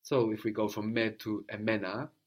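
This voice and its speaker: A man's voice: lowish voice, little pitch movement, normal speed. A man teaching a language lesson, patiently prompting his student with questions and explaining grammar.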